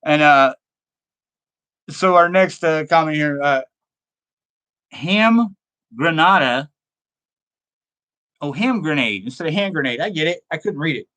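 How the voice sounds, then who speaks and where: A middle-aged man hosts a casual horror show, wandering through a personal story and viewer comments at an easy, chatty pace. He laughs at his own tales. His voice sits a little high for a man. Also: expressive, unhurried, long pauses, bright, forceful tone. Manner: rambling, self-amused, laughs often at own stories.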